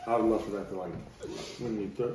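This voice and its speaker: A man's voice: lowish voice, fairly even intonation, quick pace, noisy background. A young man in casual chat among friends, joking in a brash, crude way. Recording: distant mic in echoey room with chatter.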